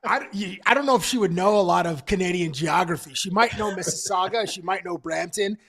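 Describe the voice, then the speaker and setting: A man co-hosts a sports talk show in loose, casual chat. He rambles enthusiastically through his points. His speaking voice is notably high for a man. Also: a little fast, fairly bright tone. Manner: rambling, many fillers and restarts, enthusiastic.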